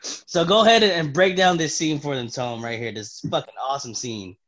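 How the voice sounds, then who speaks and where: Excitable swearing man, casual podcast. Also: a little high, brisk, highs cut off. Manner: excitable, swearing, acting out the lines loudly. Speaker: comic book podcast co-host.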